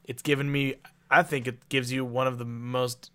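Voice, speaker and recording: A man co-hosting a podcast, chatting casually in a jokey, animated way and making silly noises. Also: medium pitch, moderate pace, clean tone. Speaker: podcast co-host.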